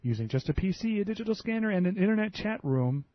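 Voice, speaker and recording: A man's voice: sits high, expressive, fast, no echo. A man with a slightly raised voice co-hosts a radio talk show. He reads news stories and drops wry, offhand comments. The recording sounds dull and lo-fi. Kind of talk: casual radio banter, reading news.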